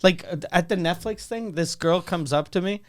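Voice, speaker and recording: A man with a fairly high voice and a Quebec accent tells a rowdy anecdote on a comedy podcast. He swears freely and acts out the lines of the people in his story. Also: normal speed. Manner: profane, animated storyteller acting out quotes. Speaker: podcast host. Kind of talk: casual storytelling chat.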